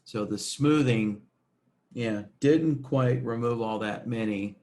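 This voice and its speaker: A man presenting a screen-recorded software tutorial, talking casually with many fillers and checking "right?" as he goes. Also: mid-range voice, slow.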